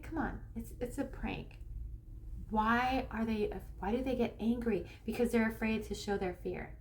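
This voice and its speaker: Woman from Northern California, a tarot reader rambling off the cuff in a slightly higher voice, with faint background hiss. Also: darkish tone. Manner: rambling, with restarts and acted-out quotes; slows down to stress key points. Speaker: spiritual coach and tarot reader. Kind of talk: casual monologue to camera.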